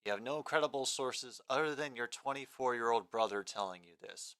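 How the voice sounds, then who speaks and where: A man's voice: mid-range voice, a little fast, fairly bright tone, clear, resonant tone. A man hosting a casual live sports stream, rambling between game commentary and replies to chat comments.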